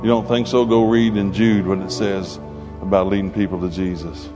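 A man preaching a sermon to a congregation, animated and conversational, with playful asides. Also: on the low side, moderate pace. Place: church hall before a congregation. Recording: long hall reverb with faint music.

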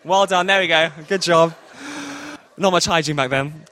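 A man's voice: on the high side, normal speed, bright, forceful tone. A man telling a children's story in church, playful with jokey asides. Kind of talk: lively read-aloud storytelling.

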